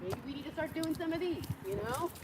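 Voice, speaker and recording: A tired young woman livestreams from her car parked in a parking lot, rambling, making crude jokes, laughing often and cooing at her dogs. Her voice sits high with lively intonation and a brisk pace, and there's background noise.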